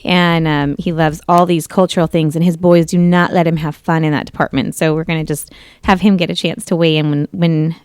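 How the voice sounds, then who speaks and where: A woman's voice: deep voice, little pitch movement, fairly quick, clean tone, dry recording, clean studio sound. A woman in her thirties hosting a talk radio show, telling stories in a chatty, rambling way with frequent self-corrections. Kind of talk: casual storytelling on talk radio.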